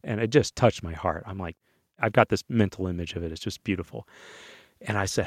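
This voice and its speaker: A man co-hosting a podcast, telling a personal story in a casual interview and acting out other people's lines in quick little voices. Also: sits low, no room sound, clean studio sound.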